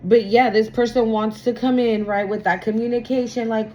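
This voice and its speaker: A woman's voice: a little high, steady tone, moderate pace, hardly any pauses, a little mellow, slight background noise, low-quality recording. A woman giving a casual tarot reading. She talks in a blunt, profane, emphatic way and often repeats herself. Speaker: tarot reader.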